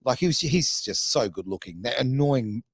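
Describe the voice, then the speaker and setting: A man's voice: medium pitch, expressive, moderate pace, husky, no room sound, clean studio sound. A man, hosting a casual podcast chat, talking in a chatty, self-mocking way with lots of fillers. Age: 50s. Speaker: radio podcast host.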